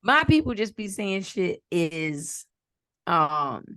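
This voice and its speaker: A woman co-hosting a casual podcast, talking in an animated, profane way and slipping into mimicked voices. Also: fairly low pitch, slow pace, dry recording, studio quality. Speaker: podcast co-host. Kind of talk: casual chat.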